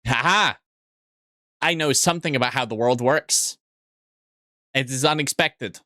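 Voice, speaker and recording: A young man chatting casually on a live stream, answering chat with quick asides, restarts and frequent swearing. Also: medium pitch, sharp tone, dry recording, studio quality.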